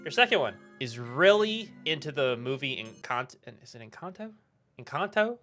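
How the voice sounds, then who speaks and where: A young man jokes his way through a game over a desk mic. His voice is bright and sharp, and it rises and falls a lot. He rambles and breaks into laughter easily. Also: on the high side, big pitch swings, normal speed, soft background music. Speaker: gaming YouTuber. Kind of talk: casual gaming commentary.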